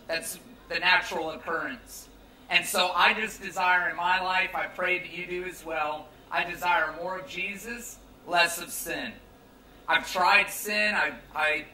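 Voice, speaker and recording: A man's voice: high voice, bright, forceful tone, reverberant, distant mic, slight background noise, rough recording. A young American man preaching a youth sermon in a casual, joking, conversational way. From United States. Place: large tent at a campground.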